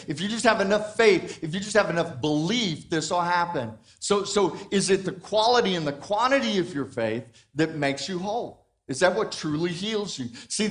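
A man's voice: high-pitched, fairly bright tone. A man preaching a sermon in a conversational way. He puts questions to the congregation and often restarts or repeats words. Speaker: pastor.

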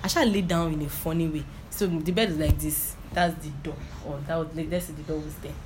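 A woman preacher with a deep, steady voice speaks a little fast against background noise. In her informal sermon and personal testimony, she repeats herself for emphasis and often asks if people understand.

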